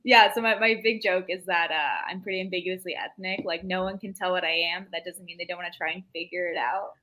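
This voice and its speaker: A bright, forceful woman comic in casual chat. She talks loosely with lots of "like" fillers. She acts out quick quoted lines as she goes. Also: fairly low pitch, fairly even intonation, low-quality recording. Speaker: stand-up comic guest.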